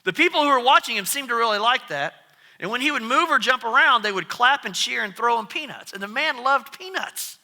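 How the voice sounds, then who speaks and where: A man preaching a sermon as pastor, telling stories in an animated way. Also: very high-pitched. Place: church sanctuary. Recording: long church reverb.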